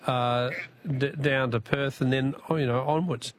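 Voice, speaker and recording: A man's voice: medium pitch, fairly even intonation, a little slow, no echo. A man with an Australian accent hosting talkback radio, chatting casually and chuckling with callers.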